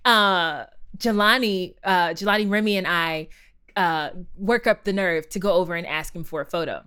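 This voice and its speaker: A woman who is a stage performer, telling stories in a relaxed chat and laughing easily. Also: on the low side, normal speed, clean tone. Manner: laughs easily, expressive storytelling. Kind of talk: casual conversational storytelling.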